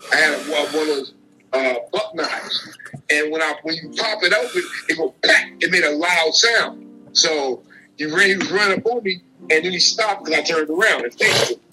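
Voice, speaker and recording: A man's voice: fairly high pitch, normal speed, pushed and bright, soft background music, poor audio. A man in a casual chat, talking in a blunt, emphatic way and swearing often. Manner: blunt, profane, emphatic talk.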